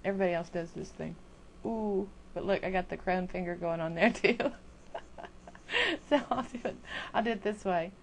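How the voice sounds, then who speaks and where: Gravelly older woman ranting to camera. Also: on the low side, moderate pace, slight background noise. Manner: chatty, exasperated, self-mocking. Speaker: video blogger. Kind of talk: casual rant to camera.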